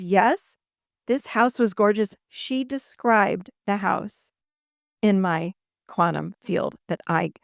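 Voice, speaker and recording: Woman speaker, higher pitch, lively storyteller, dry close sound, live event talk. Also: no echo. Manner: expressive storyteller, acts out quoted voices, laughs often. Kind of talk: animated talk to a live audience.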